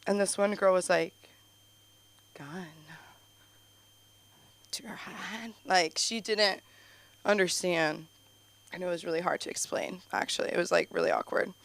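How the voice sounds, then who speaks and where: A young woman rambles through a stand-up set into a handheld mic on a small club stage. Her voice is smooth and clear, and she keeps giggling, restarting and saying "like" as she talks. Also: on the low side, flat delivery, moderate pace, a bit bright. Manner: chatty, giggly, full of "like" and restarts. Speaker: stand-up comic at an open mic.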